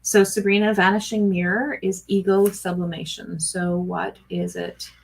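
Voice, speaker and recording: A woman's voice: mid-range voice, normal speed, gravelly, slightly rough, rough recording. A middle-aged woman doing a live-stream oracle card reading, chatting with viewers and greeting them by name. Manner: chatty, warm greetings to viewers, gushing excitement.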